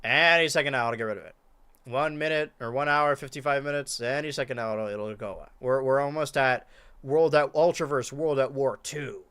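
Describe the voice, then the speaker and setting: A young man streaming and commentating a wrestling video game, excitable, shouting and pleading at big moments and muttering through his math. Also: medium pitch, a little fast, smooth. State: out of breath.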